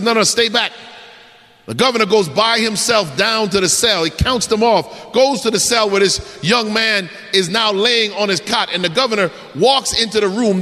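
A man preaching a dramatic sermon, swinging from shouts to hushed endings. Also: sits high. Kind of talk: sermon with storytelling. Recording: echoey hall.

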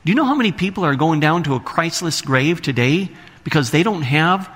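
A man's voice: fairly high pitch, lively intonation, a little fast, fairly bright tone. A man preaching a sermon to his congregation, reading scripture aloud and asking the listeners questions. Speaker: pastor. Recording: long hall reverb.

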